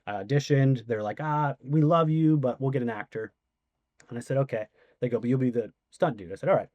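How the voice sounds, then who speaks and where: Guest man, casual storyteller, mid-range voice, dry close recording, lively quoted asides. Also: mid-range voice, fast talker, dry recording, lo-fi sound. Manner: animated retelling with quoted voices and swearing. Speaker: podcast guest.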